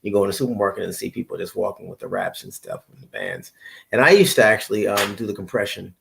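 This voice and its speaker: A man's voice: on the low side, very animated, fast, creaky, a bit bright, slightly rough. A middle-aged man hosting a live stream, chatting casually in a rambling way, repeating himself and greeting viewers by name. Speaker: livestream host.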